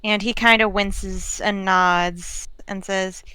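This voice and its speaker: Tabletop player, woman, slow relaxed narration, crisp and dry. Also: medium pitch, dry recording, rough recording. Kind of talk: narrating a character's actions in a tabletop game.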